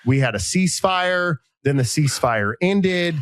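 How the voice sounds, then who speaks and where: A man in his thirties hosting a podcast, chatting casually with co-hosts, mixing jokes and ad reads in a rambling, deadpan way. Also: on the high side, unhurried, no room sound. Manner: joking, rambling, deadpan asides. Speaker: podcast host.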